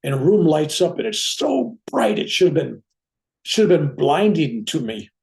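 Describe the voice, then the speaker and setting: A reverend telling a personal spiritual story, acting out what people said along the way. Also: male voice, fairly high pitch, moderate pace, gravelly. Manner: animated, acts out dialogue in his own voice. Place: room at home with a bookcase.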